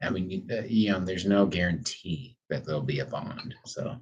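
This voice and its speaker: A man's voice: deep voice, normal speed, breathy edge, lo-fi sound. A man chatting casually on a livestream, talking candidly and rambling a little, with plenty of swearing. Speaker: livestreamer answering chat. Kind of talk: casual reflective livestream chat. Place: at home.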